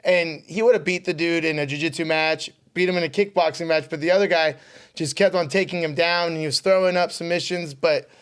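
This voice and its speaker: A man co-hosting a podcast, an excitable storyteller who laughs often and swears casually. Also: on the high side, fairly quick, clear, resonant tone. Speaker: podcast co-host.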